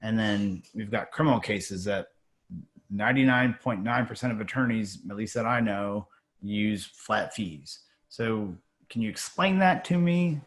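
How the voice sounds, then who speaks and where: Brief: male attorney as guest, somewhat low voice, chatty and teasing, loose with fillers. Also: unhurried. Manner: chatty, teasing, many fillers like um and you know. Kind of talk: casual conversation.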